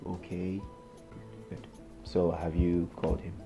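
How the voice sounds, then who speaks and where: Patient young Nigerian seminarian, gently lecturing, deep and mellow voice, light film music. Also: male voice, slow. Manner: calm, explaining, gently lecturing. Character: earnest young male seminarian, patient and advising.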